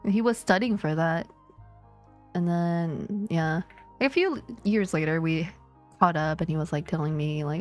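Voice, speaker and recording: A woman's voice: lowish voice, moderate pace, darkish tone, soft background music. A woman streamer telling a story in casual chat, swearing freely and laughing often.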